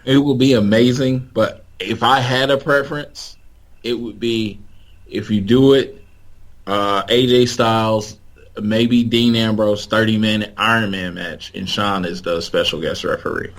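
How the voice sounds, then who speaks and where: A man's voice: lowish voice, fairly even intonation, unhurried. A man co-hosting a podcast, chatting in a laid-back way and giving blunt opinions. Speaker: podcast co-host. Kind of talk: casual chat.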